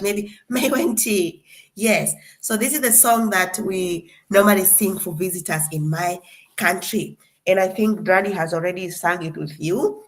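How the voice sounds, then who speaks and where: A young woman from Tanzania teaches a class in a relaxed, chatty way. She repeats each word slowly and carefully so the students can follow. Her pitch sits in an ordinary middle range. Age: young adult. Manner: slow, deliberate drilling of words, playful and chatty. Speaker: guest lecturer.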